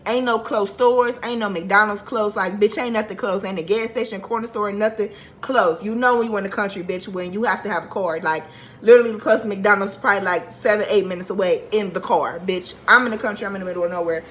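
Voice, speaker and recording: Brief: young woman vlogger, storytime, bright sharp voice, profane, animated, worked-up delivery. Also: mid-range voice, quick pace, low-quality recording. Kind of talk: storytime vlog.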